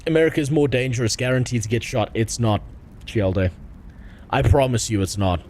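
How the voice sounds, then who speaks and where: A man's voice: medium pitch, normal speed, a little mellow, slight background noise. A man streaming a game, reading the dialogue aloud and making crude, profane jokes. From South Africa. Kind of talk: casual gaming stream commentary.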